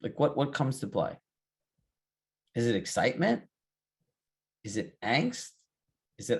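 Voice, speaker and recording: Animated man coaching a group. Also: medium pitch, measured pace, long pauses. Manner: emphatic, fires rhetorical questions at the group; calls on participants by name. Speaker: real estate coach. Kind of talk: live group coaching session.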